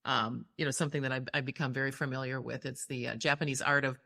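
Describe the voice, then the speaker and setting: Deep-voiced, effusive woman podcast host. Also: steady tone, fast, vocal fry, bright, forceful tone. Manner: emotional, effusive reactions. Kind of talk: interview conversation.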